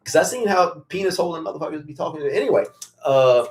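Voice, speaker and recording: A man's voice: a little high, expressive, fast talker, a little mellow. A man hosting a casual livestream Q&A about his farm, blunt and profane, laughing as he tells stories. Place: farm in Virginia.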